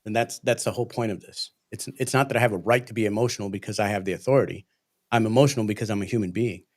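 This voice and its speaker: His lowish voice races as this police training instructor earnestly discusses emotional regulation on a livestream.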